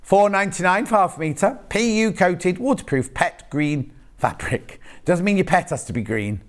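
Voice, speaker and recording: A man's voice: high voice, lively intonation, moderate pace. A man presenting live on a shopping channel, chatting and joking in rambling asides while selling fabric in a TV studio.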